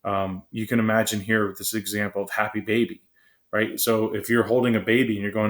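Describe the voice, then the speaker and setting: A man giving a casual classroom lecture, quick and conversational, often checking in with "right?" and filling pauses with "um". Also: lowish voice, flat delivery, fairly bright tone. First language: English.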